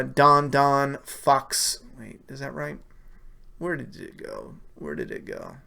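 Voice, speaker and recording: A man's voice: medium pitch, vocal fry, a bit bright. A man hosting a casual live stream, reading viewer questions and giving blunt, profane opinions with lots of fillers. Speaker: livestream host answering viewer questions.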